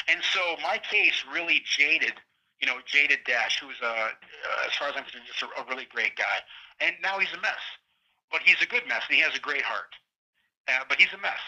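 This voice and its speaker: A man's voice: fairly high pitch, fairly quick, sharp tone, dull audio. A middle-aged man, a guest speaking from prison, telling a rambling story in casual conversation and acting out what his friends said. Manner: rambling, acts out quoted friends heatedly.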